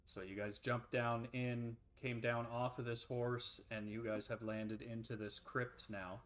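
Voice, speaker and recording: A man narrating and describing scenes as game master of a tabletop role-playing game, relaxed, with frequent ums and uhs. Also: mid-range voice, a little slow, a little hiss or hum.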